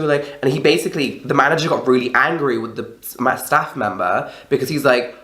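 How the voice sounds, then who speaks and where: A woman's voice: a bass voice, fairly quick, fairly bright tone. A young woman telling a story in a casual, chatty vlog, swearing often and acting out the people she quotes. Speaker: vlogger. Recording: echoey room.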